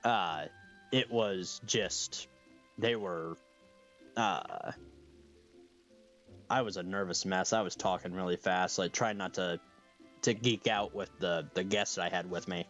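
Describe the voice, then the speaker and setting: A man's voice: sits low, fairly even intonation, slow pace, pauses often, fairly bright tone, highs cut off, faint music behind. A man hosting a podcast in casual chat, with a slight lisp, laughing often and restarting his sentences. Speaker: podcast host.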